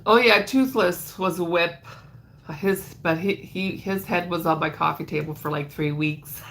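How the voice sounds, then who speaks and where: A stuffed-up, nasal woman rambles through a casual crafting livestream and greets her viewers by name. Her voice has a gravelly, fried edge, and a faint hiss sits under it. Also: on the low side, unhurried, fairly bright tone. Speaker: crochet livestream host.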